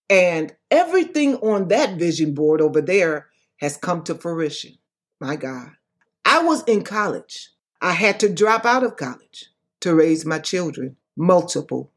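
A woman's voice: lowish voice, breathy edge. A woman evangelist giving impassioned personal testimony, emphatic and preacher-like, repeating phrases for effect. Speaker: evangelist and author guest.

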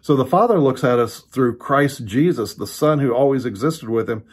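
A man giving an earnest Bible teaching from his home, quoting verses and often pausing to restart his sentences, recorded on a computer or phone. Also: medium pitch, animated, slightly rough. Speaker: pastor. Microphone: computer or phone camera.

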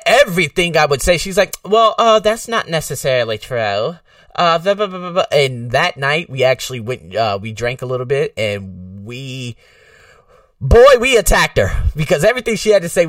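A man's voice: on the high side, normal speed, no echo, studio quality, far from the mic. A man from the United States, a podcast host, talking in a casual, rambling way with lots of fillers. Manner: rambling, filler-heavy, animated.

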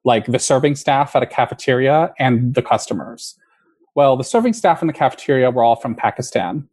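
A man's voice: mid-range voice, a little mellow. Chatty explaining man, podcast guest. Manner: explanatory, storytelling, frequent "like" fillers. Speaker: podcast guest, conversation designer and linguist. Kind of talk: casual interview chat.

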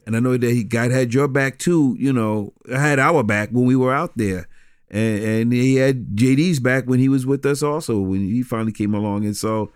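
A middle-aged man telling stories from his years in street ministry, animated, with many restarts. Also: medium pitch, moderate pace, clear, resonant tone, dry recording, clean studio sound. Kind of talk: conversational storytelling.

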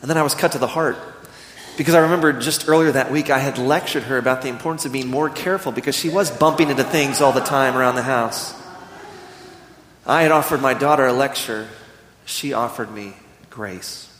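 A man in his thirties preaching a sermon, earnest and storytelling, slowing down when he reads scripture. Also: medium pitch, fairly bright tone. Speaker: pastor. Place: church sanctuary. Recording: echoey church hall.

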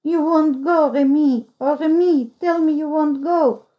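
A woman's voice: high voice, steady tone, unhurried, lo-fi sound, voice pushed up. A woman voicing a sick young boy who pleads tearfully. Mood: pleading.

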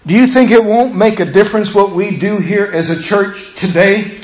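A man's voice: high-pitched, normal speed, reverberant, low-quality recording. A middle-aged man, a pastor, preaching a passionate sermon to his church that builds to urgent pleas.

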